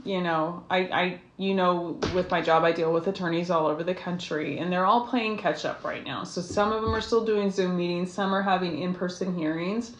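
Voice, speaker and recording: A woman's voice: lowish voice, steady tone, normal speed, hardly any pauses, a little hiss or hum. A middle-aged woman hosting a casual vlog, frank and heated, swearing freely and rambling through asides. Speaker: numerology and tarot channel host. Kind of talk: casual vlog talk to viewers. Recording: echoey room.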